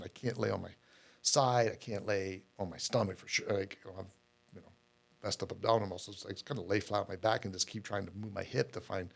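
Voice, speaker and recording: A man's voice: deep voice, vocal fry. A middle-aged man, a podcast guest, telling his story in a candid, rambling way with many fillers and repeated words.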